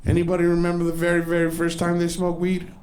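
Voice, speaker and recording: A man in his forties doing a profane stand-up comedy set on a club stage, telling loose stories and putting on loud, exaggerated voices. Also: sits high, monotone, fast talker, slight background noise. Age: 40s.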